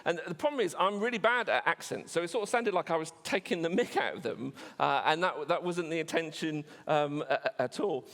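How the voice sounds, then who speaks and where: Male preacher, fairly high voice, chatty storytelling sermon, full of ums and restarts, long church reverb. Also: fairly bright tone.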